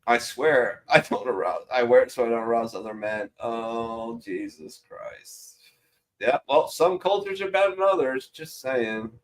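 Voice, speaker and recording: A man's voice: mid-range voice, lively intonation, moderate pace, hardly any pauses, slight background noise. Profane joking man reading memes. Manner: profane, joking, reads captions aloud with laughs. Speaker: show host reading memes. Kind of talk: casual chat.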